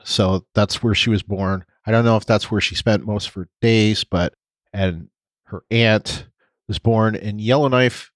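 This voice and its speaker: A man's voice: lowish voice, no echo. A man co-hosting a podcast in casual chat, rambling and hesitant with many restarts. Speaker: podcast co-host.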